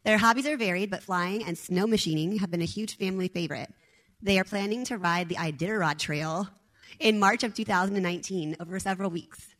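A woman's voice: mid-range voice, fairly bright tone, low-quality recording. A woman hosting a storytelling event, reading a speaker's introduction steadily from notes.

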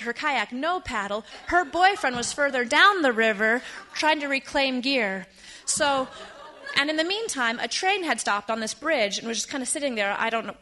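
A woman in her thirties telling a personal story to a live audience, chatty and lively with quick asides. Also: fairly high pitch.

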